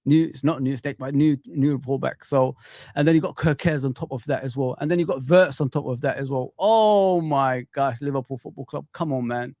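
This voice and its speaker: A man's voice: mid-range voice, fairly even intonation, a little fast, mellow, dry recording, clean studio sound. A young adult man hosting a fan live stream, hyped and exclamatory, repeating words for emphasis. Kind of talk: excited live-stream chat.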